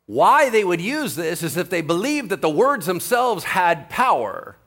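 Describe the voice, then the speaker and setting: A male pastor preaching in a lively, conversational way. His pitch rises and falls a great deal, and he keeps turning to the congregation with quick asides and questions. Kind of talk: sermon.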